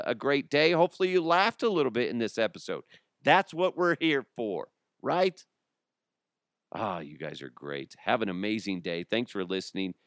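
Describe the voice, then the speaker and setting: A man hosting his solo podcast in loose, joking chatter that often pokes fun at himself. His voice is smooth and resonant. It sits close on a dry microphone with no room sound. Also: mid-range voice, no room sound. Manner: joking, rambling, self-mocking. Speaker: podcast host. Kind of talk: casual solo podcast talk.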